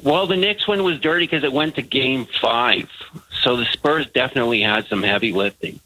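A man on a sports radio show, explaining in a relaxed way. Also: mid-range voice, normal speed, poor audio. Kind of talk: radio chat.

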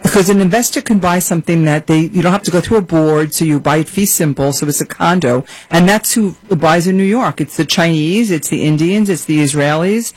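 A woman who is a real estate guest on a panel, speaking forcefully and with alarm in rapid lists. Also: sits low, breathy edge, no room sound, poor audio. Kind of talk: panel discussion.

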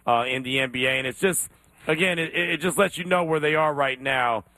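A man's voice: fairly high pitch, a little fast, sharp tone, no room sound. A man hosting a sports talk radio show, emphatic and repeating points for effect.

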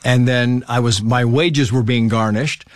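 Animated storytelling man, dry mic. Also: measured pace, dry recording. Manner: animated storyteller who acts out quoted voices in high pitch. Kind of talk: casual conversation.

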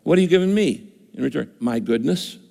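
A man's voice: fairly high pitch, expressive, a little fast, creaky, dark tone. An older man preaching a sermon in a conversational way, voicing listeners' objections as he goes. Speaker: pastor. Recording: long reverb of a large hall.

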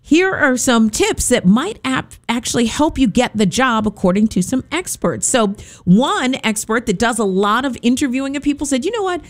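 A woman's voice: a little high, animated, moderate pace, few pauses. A woman hosting a radio show, chatting casually and upbeat between songs. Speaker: radio host.

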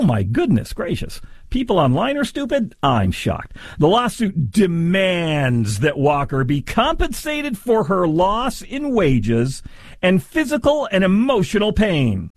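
A man's voice: a little high, no room sound, clean studio sound. A man hosting a sarcastic commentary on a news story, mocking and exaggerated in delivery. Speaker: commentary host.

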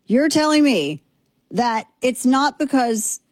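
A woman's voice: high-pitched, lively intonation, slow pace, dry recording. A woman in her thirties co-hosting a talk show, blunt and sarcastic in casual political commentary. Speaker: podcast co-host.

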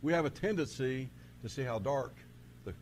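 A man preaching a sermon, telling folksy stories and swinging from quiet asides to loud preaching. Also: mid-range voice, moderate pace, a little hiss or hum. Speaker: pastor.

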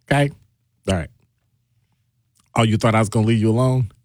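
A man's voice: lowish voice, fairly quick, darkish tone, no room sound. Playful male radio talk host, dry studio. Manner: playful, teasing banter with listeners. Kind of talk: casual call-in radio chat, reading listener messages.

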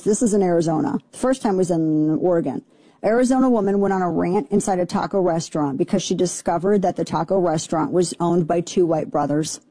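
A woman hosting a talk radio show, ranting sarcastically about the news with quick asides. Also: lowish voice, mellow, slightly rough, no room sound. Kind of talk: opinionated political talk radio.

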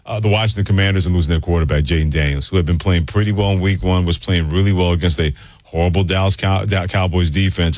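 A man hosting a sports talk radio show, reading promos and taking calls in a relaxed way. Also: low voice, no room sound.

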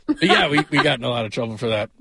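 A man's voice: medium pitch, rapid-fire, creaky, bright, forceful tone, husky, dry recording. A man filling in as a sports radio host, rambling and self-deprecating, laughing often as he tells stories in the studio. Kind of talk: casual sports talk radio.

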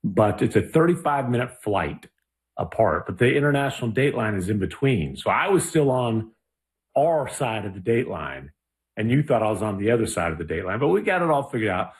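A relaxed male podcast co-host with a fairly low voice. He laughs easily and explains things in a friendly, unhurried way. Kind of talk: casual podcast chat.

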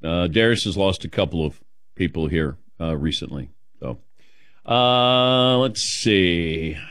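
Male radio host, lively pitch, dry close sound, casual rambling call-in talk. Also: slow pace, clean tone, no echo. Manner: emotional, rambling storyteller.

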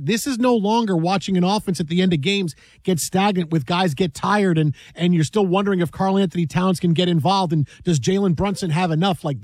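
Joking high-voiced man, dry sound. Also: no echo. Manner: jokey, teasing. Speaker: sports radio co-host. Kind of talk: casual sports talk.

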